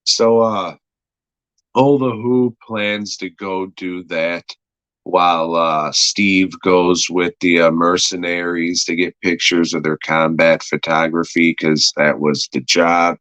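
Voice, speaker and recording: A man's voice: deep voice, fairly even intonation, slow, a bit bright, dry recording, low-quality recording. A man hosting a podcast, recapping an episode's plot in a rambling, crude way, swearing a lot and filling gaps with uh. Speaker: podcast host reviewing an episode.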